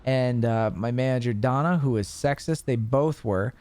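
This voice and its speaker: A young man hosting a podcast, telling stories in a casual, animated way with plenty of swearing. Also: mid-range voice, moderate pace, clean tone. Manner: animated storytelling with profanity. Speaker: podcast host. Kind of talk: casual chat.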